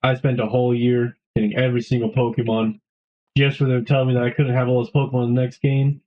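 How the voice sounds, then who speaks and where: A man's voice: medium pitch, flat delivery, fast talker. Young guy streamer chatting to his viewers, swears a lot, kinda muffled lo-fi mic. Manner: rambling, swears a lot, talks to chat. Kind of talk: casual live-stream chat.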